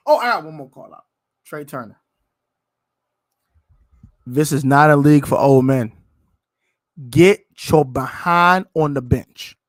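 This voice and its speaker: An American man hosting a fan live stream, ranting loudly about his team's players and shouting at times. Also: on the high side. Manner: loud, animated ranting, shouting and laughing. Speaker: sports fan show host. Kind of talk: heated live-stream rant.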